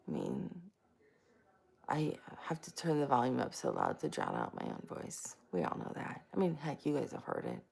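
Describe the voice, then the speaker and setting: Woman host, casual live chat, deep with some fry, lively and giggly, greets viewers by name. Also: normal speed. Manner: self-mocking and giggly.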